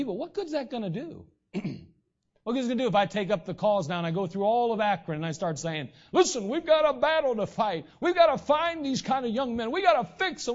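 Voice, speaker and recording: Male pastor, high-pitched, casual preaching style, muffled recording. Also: darkish tone. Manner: conversational preaching with frequent throat clearing. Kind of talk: sermon. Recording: dull lo-fi recording.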